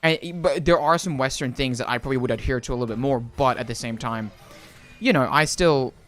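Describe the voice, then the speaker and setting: A man's voice: mid-range voice, fairly quick, a bit bright. A young man from the Philippines with an Australian accent tinged by Filipino speech, chatting casually on a livestream and rambling through chat questions. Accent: Australian with a Filipino lilt.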